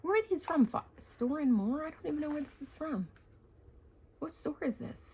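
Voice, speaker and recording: A woman hosting a craft vlog, unboxing happy mail with excited gasps and gushing chatter. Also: high voice, normal speed. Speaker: craft channel host.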